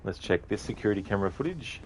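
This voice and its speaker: Deep-voiced man chatting over gameplay. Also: animated, fast talker, darkish tone, a little hiss or hum. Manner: laughs often, swears casually, rambling. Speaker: game commentator. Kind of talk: casual gameplay commentary.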